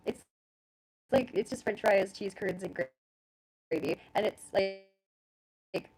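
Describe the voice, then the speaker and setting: A woman's voice: mid-range voice, unhurried, pauses often, darkish tone, husky. A woman with a Canadian accent hosts a casual live stream from home and talks straight into her phone. She chats easily and pokes fun at herself, with frequent laughs and the odd swear word. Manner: chatty and self-deprecating, laughs often, swears casually. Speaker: livestream host.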